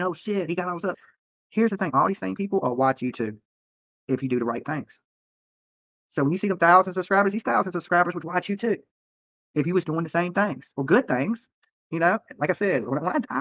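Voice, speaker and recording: Man streamer, higher voice, bright and forceful, profane late-night rant, dry close sound. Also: no room sound. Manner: profane, heated, repetitive. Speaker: live-streaming YouTuber. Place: hotel room. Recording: dull lo-fi stream audio.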